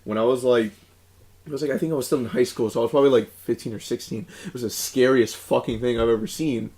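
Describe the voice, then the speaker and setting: A man's voice: medium pitch, fairly even intonation, quick pace, darkish tone. A young man co-hosting a podcast, rambling through a story with lots of fillers and frequent laughter. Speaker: podcast co-host. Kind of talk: casual chat.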